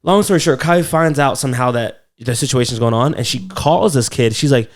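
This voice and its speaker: Gravelly man telling stories casually. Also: mid-range voice, brisk, hardly any pauses. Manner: loose, profane storytelling. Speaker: podcast co-host. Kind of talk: casual chat.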